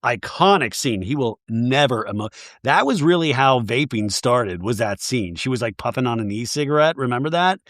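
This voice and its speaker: A man hosting a comedic podcast recapping reality TV, rambling and animated with jokey asides. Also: medium pitch, normal speed, hardly any pauses, no room sound, clean studio sound. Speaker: podcast host.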